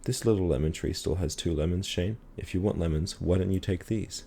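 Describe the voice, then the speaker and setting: A man's voice: low voice, fairly quick, gravelly, dark tone, a little hiss or hum. A man reading aloud who voices a plain-spoken, matter-of-fact father in a children's story. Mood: calling.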